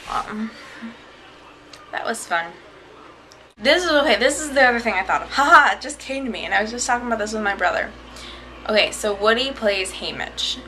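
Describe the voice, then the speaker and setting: A woman's voice: medium pitch, sharp tone, a little hiss or hum, low-quality recording. A woman vlogging casually, chatty and rambling as she tells a story, often laughing. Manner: chatty, rambling, laughs while telling stories.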